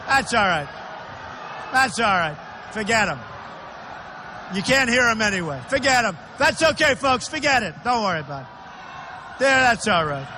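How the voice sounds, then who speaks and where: A man's voice: very high-pitched, noisy background. A man giving a campaign rally speech, talking emphatically and repeating himself as he speaks directly to the crowd in a large indoor arena. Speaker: political candidate. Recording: echoey arena reverb.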